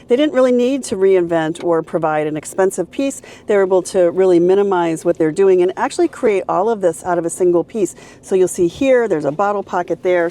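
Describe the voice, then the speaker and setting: Low mellow woman touring a car. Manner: upbeat, explains features one by one. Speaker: car reviewer. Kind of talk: casual car interior walkthrough.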